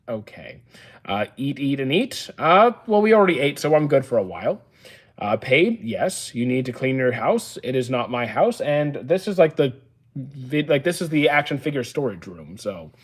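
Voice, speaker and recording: A man in his thirties, streaming from a room full of stored action figures. He reads chat comments aloud and answers them at a mid pitch, offhand and deadpan, with plenty of "uh" and short dry comebacks. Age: 30s. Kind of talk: casual livestream chat, reading and answering viewer comments. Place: indoor room used for storing action figures.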